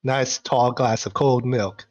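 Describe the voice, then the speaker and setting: A man's voice: medium pitch, fairly even intonation, slow, darkish tone, dull audio, close to an everyday voice. A man voicing a condescending adventurer who lectures a young bandit. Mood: patronizing.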